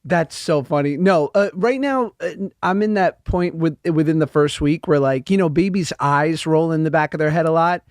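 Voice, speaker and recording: A man's voice: a little high, moderate pace, hardly any pauses, dry recording. Man, 30s, podcast host, self-mocking, laughs a lot, dry close mic. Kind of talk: casual chat.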